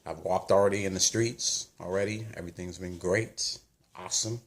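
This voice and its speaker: An American man vlogging, telling a chatty, animated travel story with lots of quoted dialogue. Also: low-pitched, moderate pace. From United States. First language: English.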